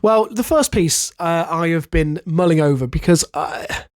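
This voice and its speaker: Sick with a virus, this male podcast co-host sounds congested and nasal as he chats casually. He's hesitant, full of fillers and restarts, with a fairly high voice and an unhurried pace.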